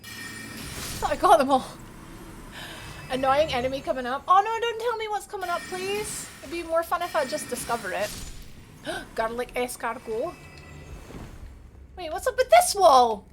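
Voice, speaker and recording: A woman's voice: high-pitched, lively intonation, moderate pace, pauses often, fairly bright tone, a little hiss or hum. A young woman livestreaming a game, chatting casually and bubbly, answering her viewers by name and laughing often. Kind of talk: casual live gameplay commentary.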